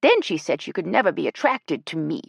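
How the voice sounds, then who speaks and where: A woman's voice: big pitch swings, a little fast, vocal fry, slightly rough, no echo, exaggerated voice. Woman doing a fussy, huffy older lady. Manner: prim, huffy, high-strung.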